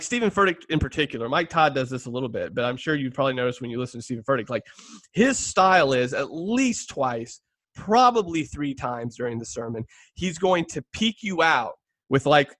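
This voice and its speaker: A man co-hosting a casual talk show, chatting in an animated way and laughing often. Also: fairly high pitch, no room sound. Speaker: podcast co-host. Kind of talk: casual conversation about preaching.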